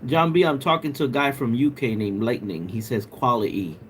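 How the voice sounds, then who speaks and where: A man's voice: mid-range voice, lively intonation, fairly quick, a little hiss or hum. A man hosting a livestream, casually chatting with viewers and joking around, laughing often. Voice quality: bald. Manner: joking, laughs often, mimics a British accent. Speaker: livestream host. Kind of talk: casual livestream chat reading viewer comments.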